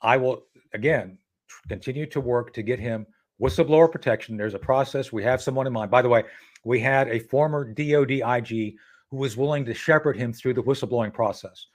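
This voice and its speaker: Animated man telling a story as a guest. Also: medium pitch, fairly quick. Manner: animated, acts out dialogue with frequent restarts. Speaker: interview guest. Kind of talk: casual storytelling interview.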